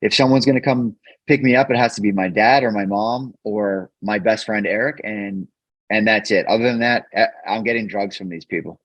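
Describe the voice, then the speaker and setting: A man guest on a podcast, earnestly telling a personal story in a halting way, often repeating words when emotional. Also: fairly low pitch, a bit bright, dry recording. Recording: dull, dry podcast mic.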